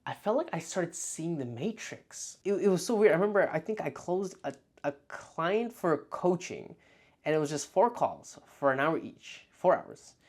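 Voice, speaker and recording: A young man talking casually to camera as a vlog host, telling animated stories and acting out his past thoughts, with lots of "like.". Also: a little high, normal speed. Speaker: freelance marketer and video host.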